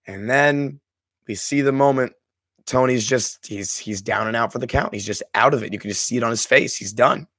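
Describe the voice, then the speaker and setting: This streamer has a mid-range, fairly bright voice at normal speed, recorded with no room sound. Hosting his live stream, he discusses a movie with chat, gushing emotionally and starting sentences over many times.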